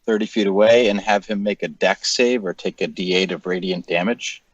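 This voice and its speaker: A man's voice: low voice, steady tone, normal speed, no echo, dull audio. A man playing a tabletop role-playing game, stating his character's actions directly. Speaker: player. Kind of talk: casual tabletop game play.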